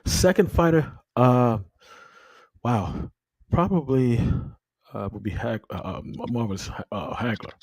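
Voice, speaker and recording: A man hosting a casual interview show, relaxed and repeating words as he searches for his questions. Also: mid-range voice, slow pace, no room sound. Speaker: show host.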